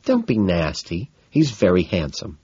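A man's voice: sits low, wildly swooping pitch, mellow, slightly rough, dry recording, highs cut off, full character voice. A man reading an audiobook voices a chatty, exasperated wealthy young woman who scolds and gossips. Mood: scolding. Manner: gossipy, scolding, quick to dismiss.

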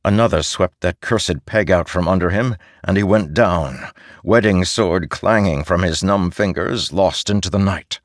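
Low voiced guy reading a fantasy audiobook, steady pace, dry close sound. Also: no room sound. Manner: measured, steady storytelling. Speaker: audiobook narrator. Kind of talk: scripted narration.

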